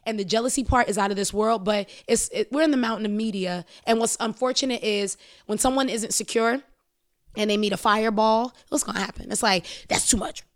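A woman speaking as a podcast guest in an animated, emphatic way, full of casual slang. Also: a little high, brisk, no room sound, studio quality.

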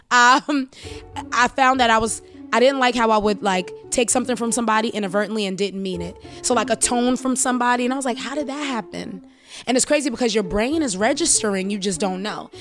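A woman speaking as a podcast guest in an animated, emphatic way, full of casual slang. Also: medium pitch.

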